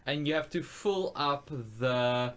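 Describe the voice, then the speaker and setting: A man's voice: on the high side, slow pace, smooth. A man co-hosting a casual film and gaming podcast, ranting in an exasperated way with lots of fillers. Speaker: podcast co-host.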